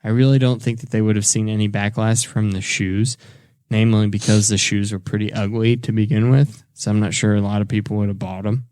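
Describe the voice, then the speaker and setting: A man's voice: lowish voice, fairly even intonation, a little fast, a little mellow, clear, resonant tone, no echo, studio quality. A young man co-hosting a podcast, telling stories in a rambling, casual way with lots of restarts. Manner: rambling storyteller, many restarts and fillers. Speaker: podcast co-host. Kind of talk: casual chat.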